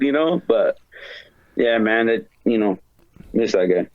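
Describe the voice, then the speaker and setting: A man's voice: on the low side, expressive, measured pace, pauses often, darkish tone, no echo, low-quality recording. A man who is a guest on a podcast, telling stories in casual chat, full of slang, swearing and fillers. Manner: profane slang-heavy storytelling, many fillers.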